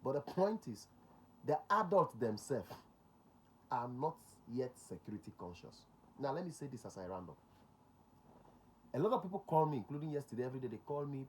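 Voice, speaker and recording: Fast-talking Nigerian man, emphatic. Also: mid-range voice, big pitch swings, slight background noise. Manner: emphatic, repeats key points, slips into Pidgin. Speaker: security relations consultant, show host. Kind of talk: talk show monologue.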